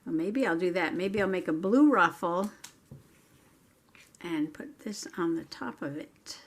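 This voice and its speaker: A woman's voice: lowish voice, measured pace. Chatty woman crafting at her table. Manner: chatty, talking to herself while working, some whispered asides. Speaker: crafting channel host. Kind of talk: casual crafting vlog chat.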